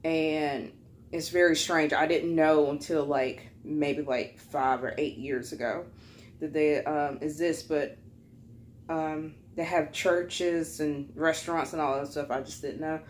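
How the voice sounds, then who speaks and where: A young woman telling a story in a casual mukbang vlog, full of fillers, with a slightly higher voice when she quotes people. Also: fairly even intonation, slow pace, a little hiss or hum. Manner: chatty, many fillers, acts out quotes in a higher voice. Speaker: vlogger.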